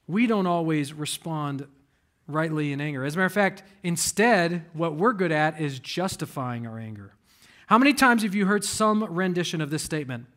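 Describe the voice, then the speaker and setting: A man's voice: on the high side, animated, moderate pace, a bit bright. A man, a pastor, preaching a conversational sermon in a church, emphatic and direct, putting rhetorical questions to the congregation.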